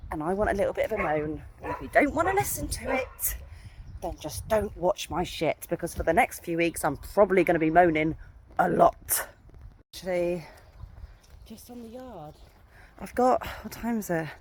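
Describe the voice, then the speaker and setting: A woman's voice: on the low side, lively intonation, normal speed, darkish tone, slight background noise. A woman in her thirties, a horse owner, chatting bluntly and swearing freely in a casual ranting vlog from an outdoor yard.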